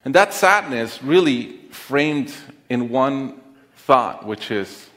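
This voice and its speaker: A man's voice: mid-range voice, lively intonation, a bit bright. Earnest man speaking in an echoing auditorium. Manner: deliberate, earnest, heartfelt delivery with pauses. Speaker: conference speaker. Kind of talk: personal storytelling talk on stage. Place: stage in a large auditorium. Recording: long reverb of a large auditorium.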